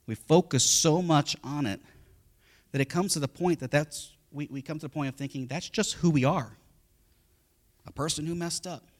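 A middle-aged man, a pastor, preaching a sermon through family stories, acting out what people say. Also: medium pitch. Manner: storytelling, acts out quotes, repeats words.

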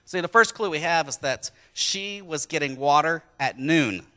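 A man's voice: fairly high pitch, moderate pace, bright, forceful tone. A man from Wisconsin preaching a sermon in a church, talking to the congregation conversationally and with jokes. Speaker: pastor.

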